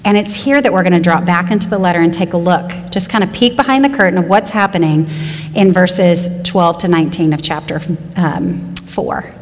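A woman delivers an earnest sermon in a somewhat low voice. She speeds up and slows down, drawing out the phrases she wants to land. Her voice carries a long reverb, as in a large hall. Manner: earnest, varied pace with slow emphatic phrases. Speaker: women's Bible teacher.

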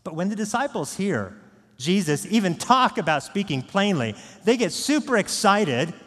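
Male pastor, fairly high voice, earnest sermon, hall reverb. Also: very animated, moderate pace. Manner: earnest, swings from hushed to raised. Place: church sanctuary. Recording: long echo of a large church hall.

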